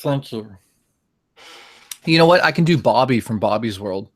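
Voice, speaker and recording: A man's voice: mid-range voice, lively intonation, fast talker, no room sound, studio quality. A man from the Netherlands, a YouTube guest, chatting casually and joking about doing voice impressions. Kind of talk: casual chat.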